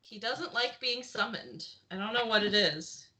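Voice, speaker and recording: A woman's voice: medium pitch, animated, normal speed, very noisy. A woman playing a tabletop role-playing game, chatting casually and playfully with the group. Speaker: player.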